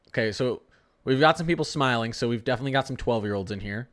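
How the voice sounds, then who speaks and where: A man's voice: mid-range voice, animated, quick pace. Joking young man on a weather livestream. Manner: joking, talks to chat, frequent laughs. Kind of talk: casual live-stream chat.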